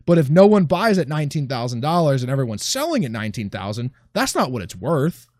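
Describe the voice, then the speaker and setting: Lively sarcastic man in casual chat. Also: medium pitch, fast talker, no room sound, studio quality. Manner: sarcastic, swears, trails off mid-sentence.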